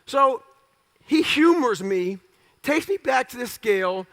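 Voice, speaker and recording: A man's voice: very high-pitched, animated, slow pace, a bit bright. A man telling his story in a blunt, profane, punchy way as an interview guest before a live audience. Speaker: guest speaker.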